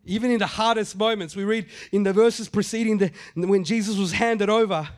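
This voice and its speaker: A middle-aged man delivers a sermon in a raised, light pitch. He talks to the congregation conversationally, stumbling into asides, then drives points home by saying them twice. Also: fairly even intonation, fairly quick. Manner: conversational preaching, repeats phrases for emphasis, acts out quotes. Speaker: pastor.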